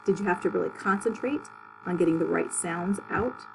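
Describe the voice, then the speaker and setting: A woman teaching a public speaking class, walking students through articulation drills with clear, exaggerated syllables and plain instructions. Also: lowish voice, a little fast, a little hiss or hum, rough recording.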